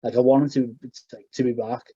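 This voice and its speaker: A man's voice: mid-range voice, flat delivery, fairly quick, mellow, husky, no echo. Rambling young man on a dull lo-fi podcast. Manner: rambling, full of fillers and restarts. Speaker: podcast co-host. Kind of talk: casual chat.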